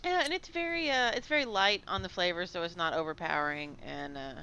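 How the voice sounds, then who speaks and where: A woman's voice: on the low side, brisk, sharp tone, dull audio, slight background noise. A woman chatting playfully on a casual podcast, talking easily about what she is drinking.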